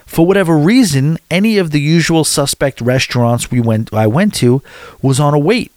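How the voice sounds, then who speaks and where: A man's voice: on the high side, lively intonation, normal speed, a little mellow, no room sound, clean studio sound. A middle-aged American man casually recounting his evening out, rambling with restarts and chatty asides. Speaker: vlogger recounting a cruise stop. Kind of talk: casual storytelling.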